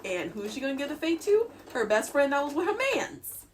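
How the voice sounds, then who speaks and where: A young woman chats on a live stream while she sews, her voice sitting a touch high and swinging widely. She giggles often and mutters to herself over the tricky parts. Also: big pitch swings, brisk, a little hiss or hum.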